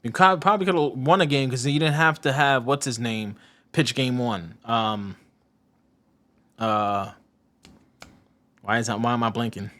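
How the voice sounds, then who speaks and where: A man's voice: mid-range voice, a little slow, long pauses, bright, forceful tone. A man co-hosting a casual sports podcast, rambling and sarcastic, often stopping to search for a name. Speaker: podcast co-host.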